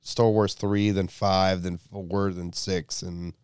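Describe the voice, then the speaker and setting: A man in casual podcast banter who talks haltingly, restarting his sentences and swearing. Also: low voice, flat delivery, darkish tone, clear, resonant tone, no room sound, studio quality. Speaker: podcast co-host.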